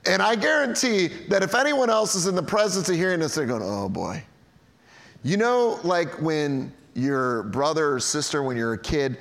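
A man preaching a sermon in a jokey, conversational way, recorded in a large church hall. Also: on the high side. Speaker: pastor. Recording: long hall reverb.

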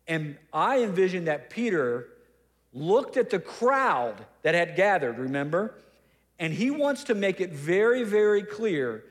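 A man's voice: high-pitched, big pitch swings, measured pace, in a large hall. A man preaching a sermon as pastor, conversational and humorous, with teasing asides.

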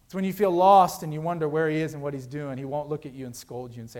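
A man preaching a sermon as pastor, earnest and conversational, swinging between loud emphasis and hushed, quiet lows. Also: fairly even intonation, fast talker.

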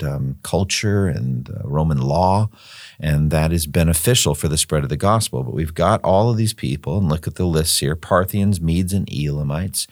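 An older man with a very deep voice talks through scripture in an unhurried, meandering way, circling back on his words as he thinks. He sounds like a former missionary sharing what he learned. The recording is dry and close, with no room sound. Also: no echo. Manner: thoughtful, rambling, repeats words while thinking. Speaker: Bible teacher, former missionary. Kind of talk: conversational Bible study discussion.

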